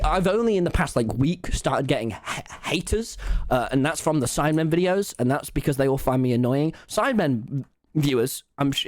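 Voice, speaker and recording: A young man telling a story on a live stream, animated, swearing often and laughing. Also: fairly high pitch, no echo.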